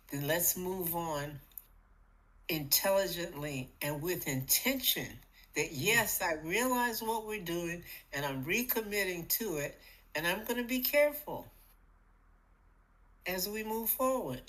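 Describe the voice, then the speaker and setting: A middle-aged woman co-hosting a podcast, talking casually about spiritual matters in an animated, playful way that acts out little voices. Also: lowish voice, poor audio. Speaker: podcast co-host.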